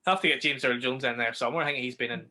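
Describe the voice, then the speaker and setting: A man in relaxed podcast chat, with a bright, forward voice. He mostly backs up his co-host with short agreements and prompting questions. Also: medium pitch, racing, slight background noise. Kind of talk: casual chat.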